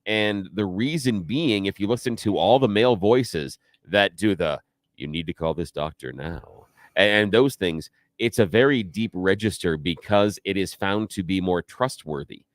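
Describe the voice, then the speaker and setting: Low-voiced man explaining on talk radio. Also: moderate pace, few pauses, no echo. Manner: explains steadily, with asides. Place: radio studio.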